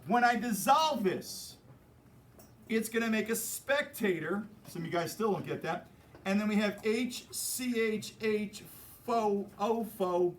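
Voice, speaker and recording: High-voiced, playful male teacher in class. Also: lively intonation, a little slow, slight background noise. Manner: playful, joking with students. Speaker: chemistry teacher. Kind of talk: classroom lecture.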